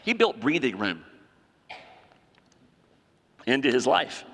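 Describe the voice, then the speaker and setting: Bright-voiced preacher in a reverberant hall. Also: male voice, mid-range voice, sing-song, takes it slowly, vocal fry, slightly rough. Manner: preaching with emphatic repetition and rhetorical questions. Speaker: pastor. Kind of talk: sermon.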